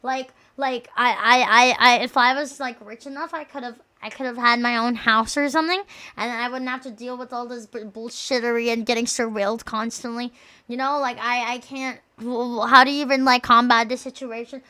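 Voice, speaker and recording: A woman's voice: a little high, steady tone, normal speed, pushed and bright. A young woman streamer chatting casually, rambling and joking with many fillers. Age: young adult.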